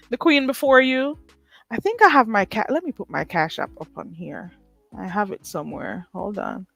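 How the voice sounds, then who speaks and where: A woman's voice: medium pitch, expressive, moderate pace, creaky, fairly bright tone, no echo, soft background music. A woman hosting a casual live stream, blunt and sassy, laughing often. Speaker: livestream host.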